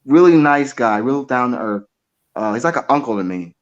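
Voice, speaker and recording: A man's voice: mid-range voice, normal speed, dull audio. Young man telling a drum story. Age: 20s. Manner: animated storyteller, repeats words, acts out quoted voices. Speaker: drummer and guest. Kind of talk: casual interview storytelling.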